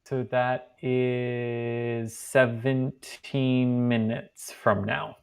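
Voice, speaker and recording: A man's voice: medium pitch, level tone, very slow, clean tone. A man co-hosting a live launch stream, chiming in with short chuckling remarks. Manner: chuckling, brief interjections. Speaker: livestream co-host. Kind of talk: casual live commentary.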